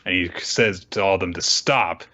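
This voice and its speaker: A man co-hosting a podcast, recapping a comic chapter in a casual, lively way. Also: deep voice, moderate pace. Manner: animated retelling, jumps into character voices for quotes. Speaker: podcast co-host. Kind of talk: casual recap with acted-out lines. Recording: dull lo-fi podcast audio.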